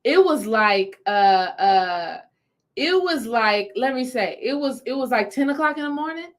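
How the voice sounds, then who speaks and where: A woman with a fairly high voice tells a story live to her viewers. She is animated and addresses them directly, often repeating a phrase for emphasis. She speaks as a spiritual healing coach. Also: measured pace. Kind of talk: livestream storytelling to chat.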